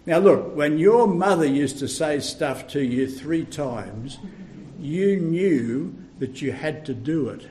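An older man preaching a sermon, slow and emphatic, with sudden loud bursts when he tells a story. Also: a little high.

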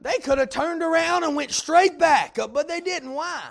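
A male preacher delivering a sermon, full of "uh" fillers and building to shouted points. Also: very high-pitched, moderate pace, vocal fry. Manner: heavy "uh" fillers, rising to shouts.

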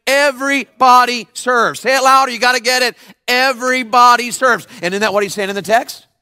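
A man preaching a lively sermon to young people, acting out the people in his stories. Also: very high voice, very fast, no room sound, clean studio sound. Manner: animated, mimics people. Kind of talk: youth sermon. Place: church service.

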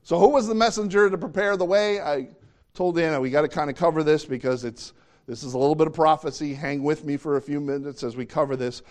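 A man preaching a sermon, reading scripture and acting out quotes, swinging between hushed and loud delivery. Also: on the high side, fairly even intonation, fast talker.

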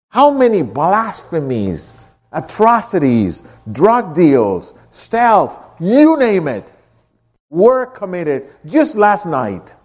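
A man preaching a sermon, swinging from hushed, low lines to loud, impassioned ones. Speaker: pastor.

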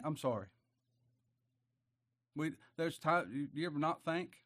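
A man preaching a sermon in a folksy, emotional way, dropping quiet and then rising loud. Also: a little high, expressive, a little slow.

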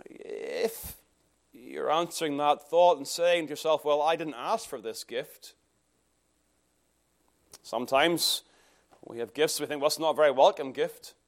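A man preaching a sermon, emphatic, with rhetorical questions. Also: fairly high pitch.

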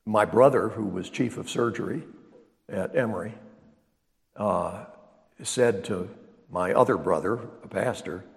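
Older guy pastor preaching, big swings loud to hushed, long hall reverb. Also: on the low side, a little slow, vocal fry, pauses often. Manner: emphatic preaching, swinging from loud exclamations to quiet asides. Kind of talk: sermon.

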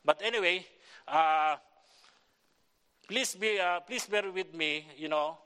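Filipino-accented pastor, halting, bright voice. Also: male voice, high voice, clean tone. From Philippines. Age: middle-aged. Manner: halting, many fillers and restarts. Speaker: visiting pastor. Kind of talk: church sermon and prayer request.

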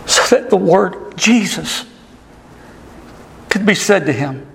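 A man preaching a sermon, impassioned and swinging between loud and soft. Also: high voice, animated, takes it slowly, creaky, a little hiss or hum. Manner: impassioned, rising and falling delivery. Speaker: pastor. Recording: long hall reverb.

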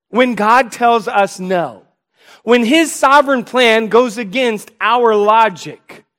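A man preaching a sermon as pastor, full of rhetorical questions and mock back-and-forth, with pace and loudness swinging widely between phrases. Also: extremely high pitch.

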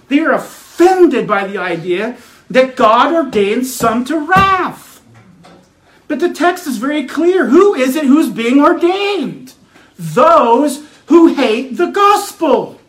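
A man's voice: very high-pitched, fairly bright tone, reverberant, rough recording. A man preaching a sermon as pastor, earnest and emphatic, building his points through repeated phrases.

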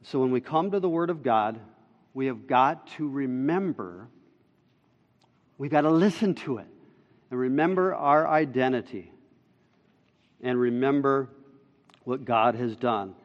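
A male pastor preaching a sermon, emphatic, pressing hard on key words and then dropping low and slow. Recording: dull sound with long reverb in a hall.

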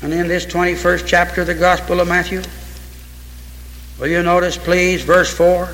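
A man preaching a sermon, reading scripture aloud and pressing each point with emphasis until he breaks into shouts. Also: high-pitched, level tone, moderate pace, slight background noise. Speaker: pastor. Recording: echoey hall with long reverb.

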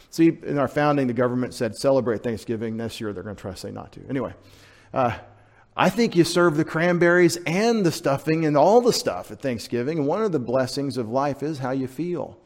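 A man's voice: medium pitch, a little mellow. Emphatic male pastor preaching a sermon. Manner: conversational, emphatic, asks the congregation questions.

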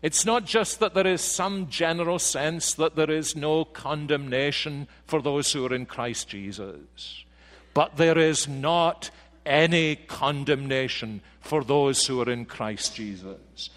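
A man preaching a sermon to a congregation, slow and emphatic, dropping quiet then rising with force. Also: on the high side. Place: church sanctuary. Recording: reverberant church hall.

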